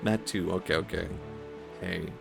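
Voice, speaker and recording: Young swedish guy streaming, chatty, laughs a lot, fry in his voice. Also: sits low, fairly even intonation, moderate pace. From Sweden. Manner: chatty, self-questioning, laughs often. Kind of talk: casual gaming stream chat. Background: faint game music.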